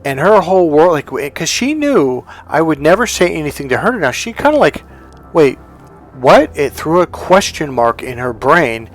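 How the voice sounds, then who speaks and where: A man's voice: moderate pace, hardly any pauses, soft background music. Man coach telling a story animatedly. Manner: animated, acts out quoted dialogue with high lifts in pitch. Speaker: dating and relationship coach, hypnotherapist. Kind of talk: motivational storytelling.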